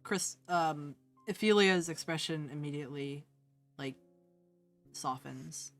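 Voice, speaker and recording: A woman narrating as game master of a tabletop game, soft and hesitant, with many fillers. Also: deep voice, takes it slowly, faint music behind.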